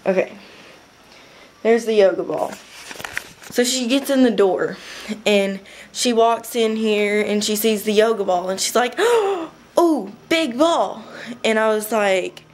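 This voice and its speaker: A young woman casually telling a rambling story to her webcam at home, chatty and giggly, with quick bursts. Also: medium pitch, fairly even intonation, slight background noise. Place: home room.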